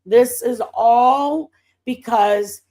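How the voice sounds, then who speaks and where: A woman hosting a casual livestream, telling stories about her faith to her viewers. Her voice sits a little high, and she talks in an animated, chatty way, now and then bursting out in excitement. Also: drawn-out words. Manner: animated, breaking into excited outbursts. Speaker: livestream host.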